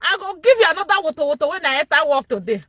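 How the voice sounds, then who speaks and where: A Nigerian-accented woman with a very high, bright, piercing voice hosts a gossip commentary vlog. Her pitch swings widely as she mocks and laughs loudly between phrases. The sound is close and dry. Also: sing-song, very fast, no echo. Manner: mocking, laughs loudly and often. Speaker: vlogger and show host.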